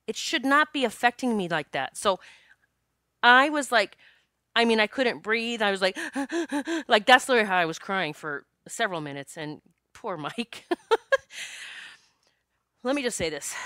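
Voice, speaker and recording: Female podcast host, candid storyteller, bright crisp voice, dry close sound, curses freely. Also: medium pitch, no room sound. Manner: frank and animated, swears and laughs often.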